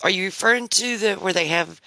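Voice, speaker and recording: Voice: mid-range voice, a little fast, pushed and bright, dry recording. A live stream participant who chats eagerly while talking with a mouth full of food. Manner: eager, stumbling restarts. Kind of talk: casual chat.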